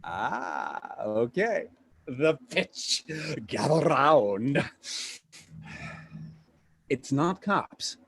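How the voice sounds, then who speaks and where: An actor playing a pushy, fast-talking male Hollywood agent in a live play reading over a video call, with rapid, stammering sales patter. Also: mid-range voice, big pitch swings, gravelly, fairly bright tone, exaggerated voice. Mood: salesy. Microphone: home computer mic on a video call.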